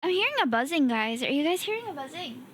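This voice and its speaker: A woman's voice: high voice, sing-song, fast talker, a bit bright. A young woman with a Singaporean English accent, chatting casually on her live stream as a VTuber, exclaiming often and laughing easily, a bit tired today.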